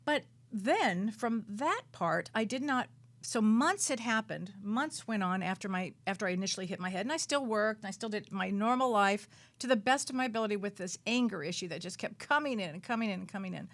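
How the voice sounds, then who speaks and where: A woman who works as a psychic medium, a guest on a radio talk show, telling her story in an animated, dramatic way and repeating words for emphasis. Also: a little fast. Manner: animated, dramatic storytelling with big swings in pitch and loudness.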